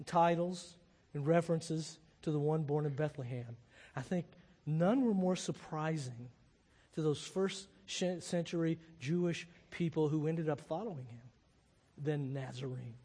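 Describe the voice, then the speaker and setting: A man's voice: fairly high pitch, a little mellow. A man, a pastor, gives a thoughtful, conversational sermon in a large reverberant room.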